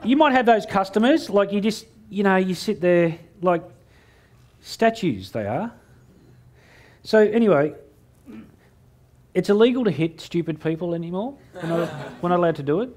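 A man's voice: high voice, animated, normal speed, long pauses, darkish tone. A middle-aged Australian man giving a keynote speech to a live audience, telling cheeky stories and acting out both sides of his conversations. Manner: cheeky storytelling, acting out dialogue with a jokey punchline rhythm. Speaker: motivational speaker.

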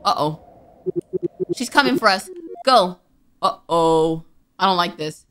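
A young woman commenting on a game she is playing, reacting out loud in an animated way. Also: lowish voice, takes it slowly, clear, resonant tone. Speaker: gaming video host. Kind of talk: let's play commentary.

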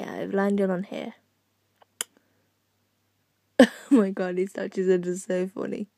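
A woman's voice: mid-range voice, gravelly, mellow, no room sound. A young woman casually commenting on her own game play from her bed, giggling and mocking herself, sometimes dropping to a whisper. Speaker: gaming channel host.

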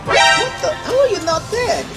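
A woman doing a high, snarky cartoon character. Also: animated, normal speed. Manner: sarcastic, dismissive. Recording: background music.

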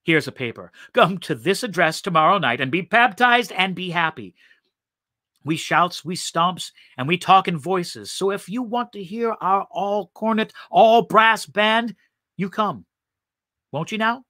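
A zealous street evangelist woman with a tambourine, preaching and scolding in folksy talk, as a man puts her on. The voice rides up high and loud with a bright, lively sound. It is a storybook reading recorded dry and close. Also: unhurried, no echo, heavily acted. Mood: indignant.

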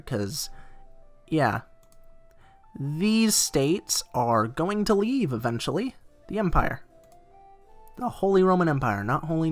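Lively, unhurried gaming commentator man. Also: fairly high pitch. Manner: chatty, self-talking, joking asides. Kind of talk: let's play commentary.

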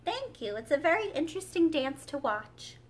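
A woman's voice: high voice, very animated, moderate pace, a little hiss or hum, pitched above the performer's own voice. A woman voicing Alice, a polite, curious young girl, in a storybook read-aloud. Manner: polite, wondering, a little timid.

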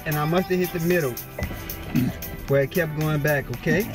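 A woman's voice: sits low, normal speed, music in the background. A mother chatting casually and teasing her family inside a car. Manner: teasing, playful and lively.

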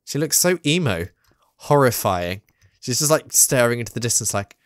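Excitable gamer, very lively pitch. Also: moderate pace, dry recording, studio quality. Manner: excitable, self-mocking, prone to outbursts. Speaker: gaming YouTuber. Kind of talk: let's play commentary.

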